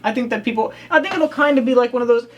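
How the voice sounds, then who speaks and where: A woman's voice: on the high side, very fast, slight background noise. A woman co-hosting a radio talk show, chatting casually, laughing often and filling her talk with "I mean" and "like". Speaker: radio co-host. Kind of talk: casual on-air chat.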